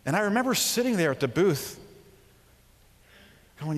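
A man in his forties preaching a sermon as a professor, telling stories animatedly, acting out quoted voices and dropping to a near hush. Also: high voice, big pitch swings, moderate pace. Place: large hall. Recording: long hall reverb.

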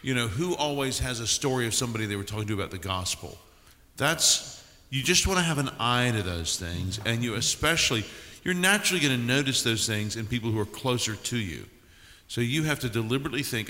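A man's voice: medium pitch, expressive, brisk, few pauses, sharp tone. A man who is a church leader, speaking earnestly in a panel discussion and posing rhetorical questions. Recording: long hall reverb.

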